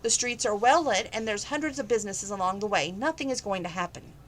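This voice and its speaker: A cheerful but insistent young woman from a read-aloud novel, pressing her point with brisk energy, as a woman reader voices her. Her voice sits mid-range, with a faint hiss of noise behind. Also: mid-range voice, lightly acted. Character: upbeat, persistent young woman.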